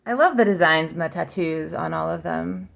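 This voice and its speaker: A woman chatting casually in a vlog as she flips through an oracle deck, sounding out names slowly and saying them again and again. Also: low-pitched, vocal fry. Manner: chatty, practicing name pronunciations slowly and repeatedly.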